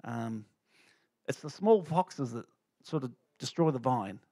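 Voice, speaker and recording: A man's voice: medium pitch, animated, a little slow, dark tone, dry recording. A middle-aged man giving an informal church testimony, talking loosely with many fillers and restarts. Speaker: lay speaker sharing a testimony.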